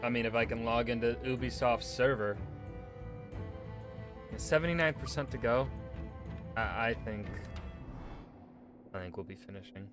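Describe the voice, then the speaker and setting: A man's voice: mid-range voice, moderate pace, pauses often, music in the background. A man streaming a video game, chatting casually to himself and viewers, swearing freely and cracking jokes. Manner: profane, joking, talks to himself. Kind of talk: casual gameplay commentary.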